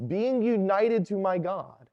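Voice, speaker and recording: A Catholic priest giving a sermon in a conversational, storytelling manner. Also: male voice, high-pitched, takes it slowly, dull audio.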